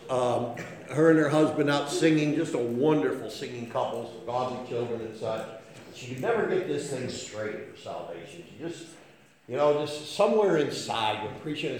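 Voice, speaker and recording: A man's voice: mid-range voice, a little mellow, roomy sound. A man preaching a sermon, often checking in with his listeners by asking "okay?", and telling homespun stories. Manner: folksy, storytelling, frequent "okay?" check-ins.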